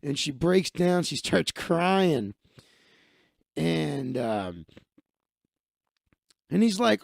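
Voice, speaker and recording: A man hosts a live stream, chatting casually with his viewers, and his high voice has a gravelly rasp to it. He rambles along with profane asides, and the sound is dry and close. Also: expressive, a little slow, long pauses, darkish tone, no room sound. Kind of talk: casual live stream storytelling and chat replies.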